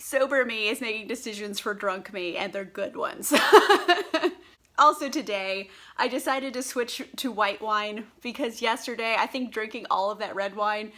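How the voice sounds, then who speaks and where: At normal speed, her fairly high voice sounds pushed and bright. The book vlogger, a bit drunk on wine, gives a casual, giggly book review packed with fillers and profanity, recorded on a tripod camera.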